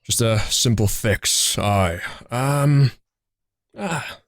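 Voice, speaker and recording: A man voicing a gruff grumpy shopkeeper. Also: mid-range voice, expressive, very slow, dry recording, clean studio sound.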